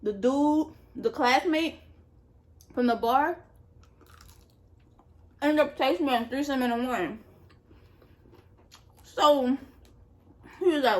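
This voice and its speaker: A woman's voice: fairly high pitch, lively intonation, normal speed, pauses often, a bit bright. A young adult woman vlogger telling a candid, slangy story in casual chat as she eats, laughing at herself. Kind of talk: casual storytime while eating.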